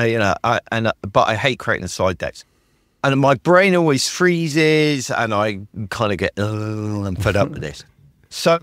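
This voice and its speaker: A British man hosts a podcast in a casual chat, full of animated enthusiasm as he acts out the prompts he types to his tools. He has a medium pitch, and there's no room sound.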